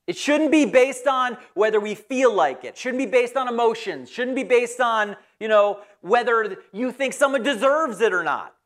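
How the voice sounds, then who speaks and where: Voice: medium pitch, a bit bright. A pastor giving a conversational, folksy sermon in church.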